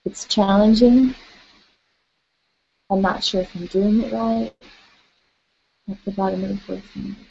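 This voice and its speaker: A woman leading a guided tapping session, calling out tapping points and gently coaching listeners through spoken affirmations. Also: mid-range voice, fairly even intonation, a little slow, vocal fry, long pauses, dull audio, a little hiss or hum.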